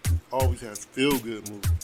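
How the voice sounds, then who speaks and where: A man's voice: medium pitch, steady tone, normal speed. Profane ranting man from Detroit, music behind. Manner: blunt, profane, heated ranting. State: eating and drinking while talking. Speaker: podcast host. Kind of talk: casual solo podcast chat.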